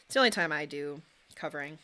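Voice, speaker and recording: A woman's voice: sits low, animated, fast talker, pushed and bright. A young woman streamer chatting casually and rambling while she paints miniatures and answers questions from chat.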